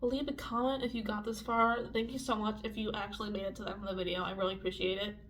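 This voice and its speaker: A young woman telling a story in a casual vlog, talking fast and loose with lots of swearing and filler words. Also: medium pitch, level tone, fairly bright tone, a little hiss or hum. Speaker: vlogger. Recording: dull lo-fi audio with faint music.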